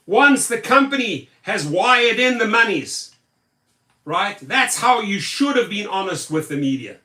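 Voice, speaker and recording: Bright-voiced man ranting angrily. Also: high-pitched, big pitch swings, moderate pace, distant mic. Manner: angry, sarcastic, repetitive. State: tired. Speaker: rideshare driver and video host. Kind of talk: ranting vlog commentary. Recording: echoey room, off-mic.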